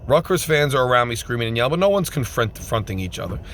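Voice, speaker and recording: A man giving an emphatic, repetitive postgame rant as a fan vlogger, swinging between loud outbursts and subdued sadness. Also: medium pitch, big pitch swings, fast, a little hiss or hum.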